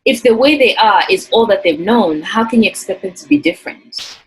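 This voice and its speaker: A woman's voice: medium pitch, animated, a little fast, breathy edge, poor audio. A woman from Zambia, earnestly and reflectively telling a personal story in an interview. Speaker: interview guest.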